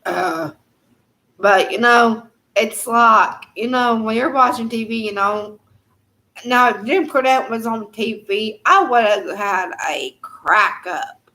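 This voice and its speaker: Chatty higher-voiced woman. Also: takes it slowly, sharp tone. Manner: chatty, laughs often, trails off with fillers. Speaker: live chat host. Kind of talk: casual rambling chat.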